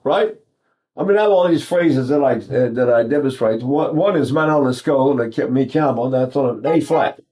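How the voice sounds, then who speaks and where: An older man, a voice teacher, gives a casual, chatty singing lesson, breaking off to demonstrate sounds. Animated, he sings and buzzes examples and imitates Italian speech, his voice medium in pitch at a normal speed.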